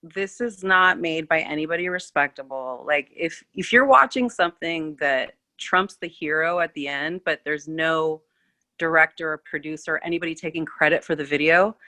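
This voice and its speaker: A woman chatting as a guest, with a bright, forceful voice pitched a little low. She rambles through her points with loose restarts and fillers. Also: moderate pace. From California. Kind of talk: casual political chat.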